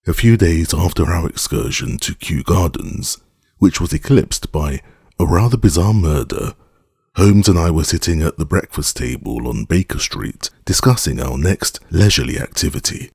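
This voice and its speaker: Very deep, gravelly male narrator. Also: lively intonation, a little mellow, no echo, clean studio sound. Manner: measured, formal storytelling. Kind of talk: scripted audiobook narration.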